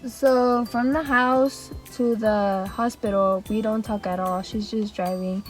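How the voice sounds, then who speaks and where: A young woman vlogger telling a rambling, animated storytime, laughing and acting out quotes as she goes. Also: mid-range voice, slow, soft background music, poor audio. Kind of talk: casual storytime.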